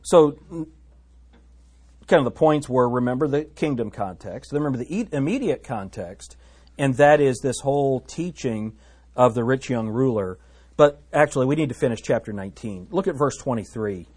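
A man with a slightly husky voice leads a casual verse-by-verse Bible study. He reads scripture aloud, then drifts into chatty, joking asides. His pitch sits in an ordinary middle range. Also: animated, moderate pace, a little mellow. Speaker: Bible teacher.

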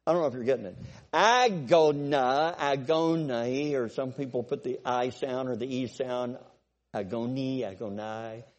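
Conversational preacher in a reverberant hall. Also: male voice, mid-range voice, steady tone, fast, hardly any pauses, mellow. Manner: conversational, repeats himself, asks the congregation if they follow. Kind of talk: sermon.

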